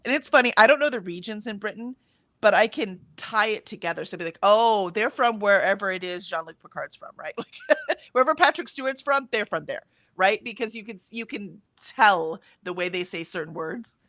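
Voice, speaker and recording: A woman's voice: mid-range voice, animated, a little fast, fairly bright tone, no echo. An American woman with a general, accentless American voice, chatting casually on a livestream, reading out chat comments with frequent ums. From United States. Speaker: livestream co-host.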